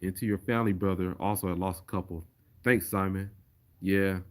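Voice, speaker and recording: A man's voice: low voice, steady tone, brisk, slight background noise. A man chatting casually on a livestream and reading viewer comments aloud. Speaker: streamer.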